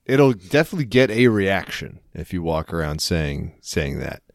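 A man's voice: low-pitched, moderate pace, gravelly, no room sound, studio quality. A man co-hosting a podcast, chatting casually and telling jokey stories. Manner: jokey, animated storytelling. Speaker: podcast co-host. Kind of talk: casual chat.

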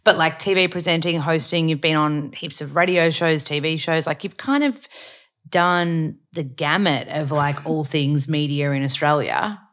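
A young woman with a slight lisp hosts a podcast. Her voice sits low, but she talks in a bubbly, gushing way and wanders off on tangents. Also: normal speed, fairly bright tone. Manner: bubbly, enthusiastic, rambling. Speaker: podcast host. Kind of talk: casual interview chat.

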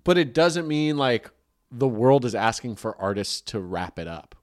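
A man's voice: mid-range voice, big pitch swings, normal speed. A man in casual podcast chat, rambling and joking, with frequent swearing. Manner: rambling, profane, jokey.

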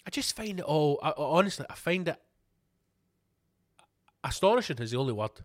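A man's voice: a little high, sing-song, brisk, no echo, studio quality. A Scottish man hosting a podcast, ranting angrily with heavy swearing and repeated rhetorical questions. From Scotland. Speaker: podcast host. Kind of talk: ranting monologue.

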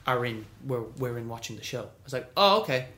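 A man telling stories as an interview guest, animated, often acting out what others said. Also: mid-range voice, fast, reverberant. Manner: animated, acts out quoted voices. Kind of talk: storytelling interview.

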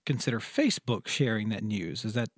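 A man's voice: on the low side, expressive, brisk, no echo. A man co-hosting a podcast in a casual chat, cracking dry jokes and asking clarifying questions. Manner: joking, asks clarifying questions. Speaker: podcast co-host.

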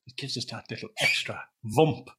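Chatty Irish radio host. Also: male voice, mid-range voice, normal speed, crowd noise. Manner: chatty, rambling, jokey storyteller. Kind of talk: casual radio interview chat.

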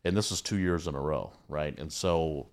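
Deep-voiced man telling animated stories. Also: normal speed. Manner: animated, acts out others' lines in quotes. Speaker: podcast guest. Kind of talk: casual storytelling chat.

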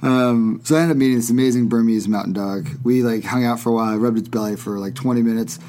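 A man's voice: mid-range voice, steady tone, quick pace, dark tone. A man hosting a podcast, telling a long story in casual chat, rambling with many restarts and laughs. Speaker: podcast host.

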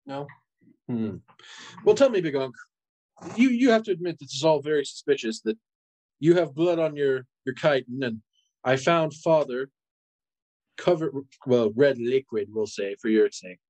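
Animated man playing a tabletop game. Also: moderate pace, pauses often, low-quality recording. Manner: animated, jumps into high character voices. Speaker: player.

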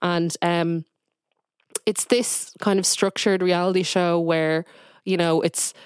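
A woman's voice: lowish voice, little pitch movement, takes it slowly, clear, resonant tone, no echo, clean studio sound. A woman, a guest chatting casually on a podcast and rambling with lots of fillers. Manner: rambling, heavy on "like" and "um".

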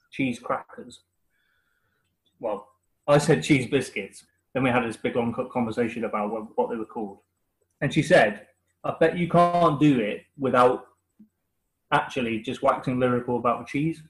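A man's voice: mid-range voice, moderate pace, low-quality recording. A man with a West Country English accent, co-hosting a casual podcast chat, teasing and laughing often. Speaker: podcast co-host.

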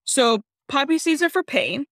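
A young adult woman hosting a podcast, retelling a book in a casual, animated and giggly way. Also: high voice, moderate pace, no room sound, studio quality. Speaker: podcast host. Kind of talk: casual book recap chat.

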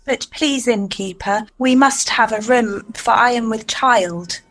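A woman's voice: fairly high pitch, a little slow, a bit bright. Nervous auditioning young woman. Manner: nervous, apologetic.

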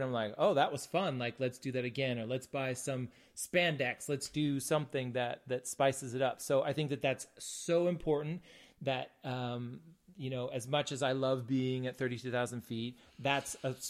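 A man in his late forties chatting casually on a podcast with his husband, candid and good-humored, with wry asides. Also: medium pitch. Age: 40s. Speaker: podcast co-host, husband and father. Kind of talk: casual couple chat.

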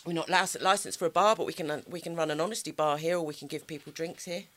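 An English woman co-hosting a casual podcast, chatty and quick to laugh at her own odd sayings. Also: deep voice, a bit bright. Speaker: podcast co-host. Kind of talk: casual chat.

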